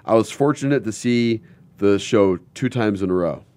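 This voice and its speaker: A man's voice: lowish voice, moderate pace, mellow, no room sound. A man hosting a radio talk show in a studio, telling rambling stories in casual chat before throwing to music. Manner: chatty, rambling storyteller. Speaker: radio host.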